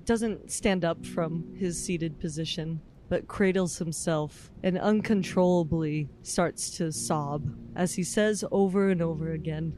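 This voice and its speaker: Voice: medium pitch, a little slow, few pauses, darkish tone, a little hiss or hum. A player in a tabletop game describing their character's actions in the third person, with some hesitation.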